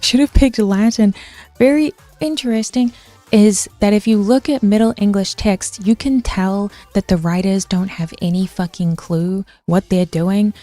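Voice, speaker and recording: Woman streamer, casual ranting lecturer, mellow tone, dry close sound, swears, chats with viewers. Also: mid-range voice, dry recording. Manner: chatty, swears, answers chat mid-sentence. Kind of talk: casual chat, ranting history lesson.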